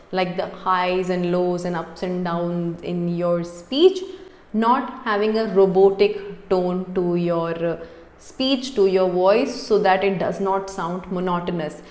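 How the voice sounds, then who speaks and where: A woman's voice: fairly low pitch, darkish tone. A woman giving an unscripted spoken lesson as a cabin crew coach, stressing chosen words as she explains. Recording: echoey room with long reverb.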